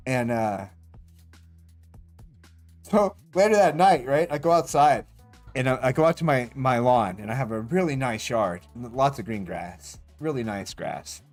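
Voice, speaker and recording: A man streaming a game, telling a rambling story casually, swearing often and laughing as he goes. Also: mid-range voice. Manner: profane, rambling, animated retelling with laughs.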